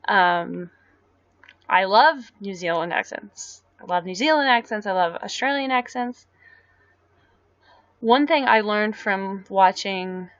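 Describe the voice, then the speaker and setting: Live-stream host, woman, mid-range pitch, casual rambling replies to chat, dry lo-fi webcam audio. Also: a bit bright, dry recording. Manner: rambling, answering viewer comments aloud.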